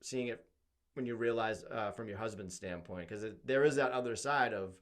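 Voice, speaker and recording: A man hosting an interview, encouraging his guest and asking gentle follow-up questions. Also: on the low side, normal speed. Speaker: interview host. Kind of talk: supportive conversational interview.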